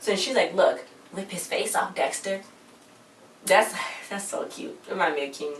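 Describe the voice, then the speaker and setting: A young woman casually recapping a TV episode, retelling scenes and quoting the characters' lines in a chatty, animated way. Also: medium pitch, normal speed, recorded from a distance. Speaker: TV show reviewer. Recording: roomy, from off-mic, faint hum.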